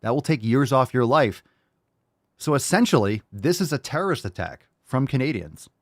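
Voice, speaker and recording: A man hosting a live-streamed podcast, loud, profane and hyped, rallying his audience and plugging merch. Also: mid-range voice, animated, normal speed, no room sound, clean studio sound. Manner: loud, hyped and profane, with mock shouts and crowd-hyping calls. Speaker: podcast host. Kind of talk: casual live-stream show intro.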